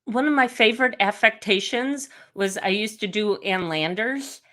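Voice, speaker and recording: A woman's voice: mid-range voice, normal speed, a bit bright. A woman co-hosting a casual live show, chatting and laughing easily. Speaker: co-host.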